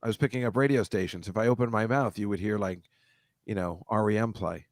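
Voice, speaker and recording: A man's voice: on the low side, fast talker, no room sound. A man co-hosting a casual live-stream chat, telling rambling, self-deprecating stories and cracking jokes. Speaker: podcast regular co-host.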